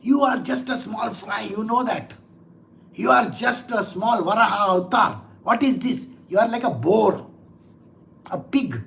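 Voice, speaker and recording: A man's voice: high-pitched, a little slow, creaky, a bit bright, heavily acted. A man voicing an arrogant, enraged demon who scornfully insults his foe. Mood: furious. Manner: scornful, blustering.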